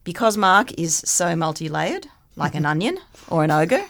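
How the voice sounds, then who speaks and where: A woman's voice: fairly low pitch, very animated, normal speed, vocal fry, fairly bright tone. A woman, hosting a podcast, reading a guest introduction in a playful, teasing way. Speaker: podcast host. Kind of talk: scripted introduction, then casual chat.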